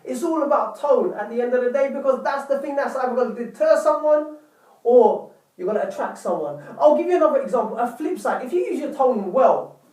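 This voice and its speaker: An animated, brisk man with an extremely high and slightly mellow voice gives relationship advice to camera. He's earnest and repetitive, often saying "people" to viewers, and sounds distant and off-mic in an echoey room.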